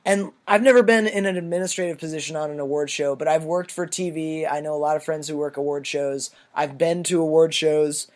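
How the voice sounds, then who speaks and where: A man's voice: fairly high pitch, fairly even intonation, brisk, hardly any pauses. A man co-hosting a podcast, chatting casually through a movie review in a loose, rambling way and swearing freely. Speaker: podcast co-host.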